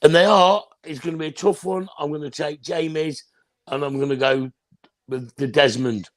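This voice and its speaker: A man's voice: on the high side, steady tone, normal speed, no echo. A man chatting casually on a football fan show, joking and telling anecdotes.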